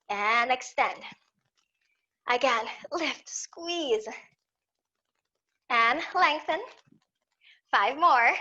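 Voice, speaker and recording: A woman instructor calmly cueing a barre exercise class, giving encouragement and counting the reps. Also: high-pitched, dull audio. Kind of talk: guided exercise class cues.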